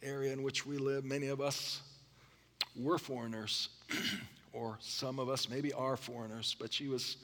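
A man preaching a sermon, explaining scripture and drawing calls of "amen" from the congregation, often clearing his throat. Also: mid-range voice, fairly even intonation, measured pace, a bit bright, big-room sound. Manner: expository preaching with congregation call-and-response. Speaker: pastor.

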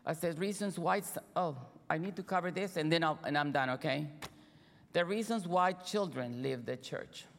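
A middle-aged woman, a Sabbath school teacher, telling earnest stories to a congregation with halting restarts. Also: low voice, vocal fry. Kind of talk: sermon-style storytelling. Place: church hall. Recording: long reverb in a church hall.

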